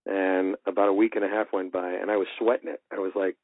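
A man telling a story in an interview as a voice actor, animated and acting out the dialogue he quotes. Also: deep voice, fast, hardly any pauses, no room sound. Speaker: voice actor guest. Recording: tinny phone-like line, dry.

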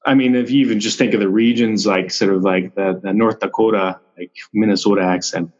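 A male actor, a podcast guest, chatting casually in a relaxed, rambling way with frequent restarts. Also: lowish voice, a little fast, dull audio. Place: Vancouver.

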